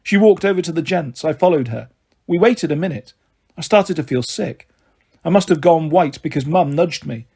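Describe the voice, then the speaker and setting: A man reading a children's novel aloud in a steady storybook narration. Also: fairly high pitch, moderate pace, slightly rough.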